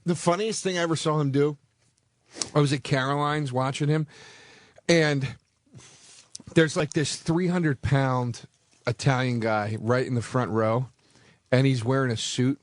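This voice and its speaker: A man in casual radio chat, telling a story with lively energy and frequent swearing. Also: medium pitch, unhurried, pauses often, no echo. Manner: animated storyteller, swearing freely.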